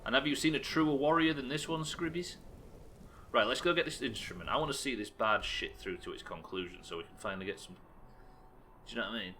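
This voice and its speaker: An English-accented streamer rants sarcastically through his gameplay, swearing freely. His voice is bright and forceful. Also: mid-range voice, fast talker, slight background noise. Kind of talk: live gameplay commentary.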